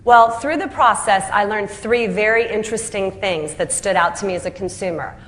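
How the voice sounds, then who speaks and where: A woman founder telling her story in a speech, lively and self-deprecating, acting out the voices of the people she quotes and laughing at her own punchlines. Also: medium pitch, moderate pace.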